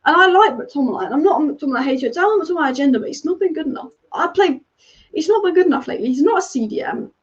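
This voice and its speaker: A woman's voice: sits high, expressive, lo-fi sound. A woman hosting a live football watch-along stream, chatty and opinionated, reacting to the match and reading viewer comments. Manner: chatty, opinionated, rapid-fire. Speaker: football fan channel host.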